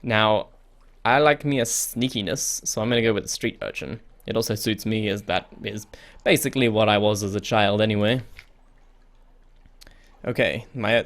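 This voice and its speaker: A man's voice: lowish voice, normal speed. A young man hosting a casual let's play, reading the game's text aloud and reacting in a chatty way. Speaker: gaming video host. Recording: faint game music behind.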